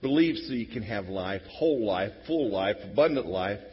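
A male pastor preaching a sermon in a church, telling a story with lively swings from soft to loud. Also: fairly low pitch, moderate pace, breathy edge. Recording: reverberant hall, dull lo-fi sound.

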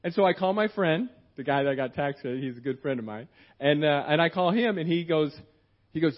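A middle-aged man with a slightly high voice preaches in church, chatting his way through a story with frequent restarts. The recording sounds dull and muffled, with a lo-fi edge. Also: lively intonation, fairly quick. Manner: rambling and conversational, with many restarts and acted-out quotes. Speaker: guest preacher. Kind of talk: sermon told as a personal story.

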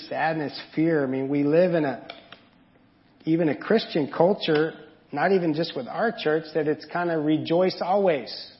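Man preaching in a reverberant church. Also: a little high. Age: adult parent. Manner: conversational, candid, with asides and questions to the congregation. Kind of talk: sermon. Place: church sanctuary. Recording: dull audio with long hall reverb.

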